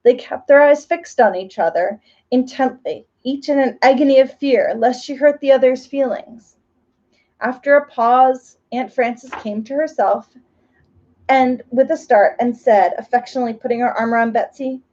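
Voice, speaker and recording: A woman reading a children's story aloud, gently and slowly with expressive phrasing. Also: high-pitched, highs cut off.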